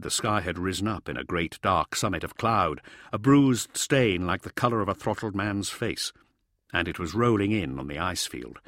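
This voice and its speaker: A man's voice: low voice, a bit bright, no echo, studio quality. A man narrating a fantasy audiobook with vivid, dramatic storytelling.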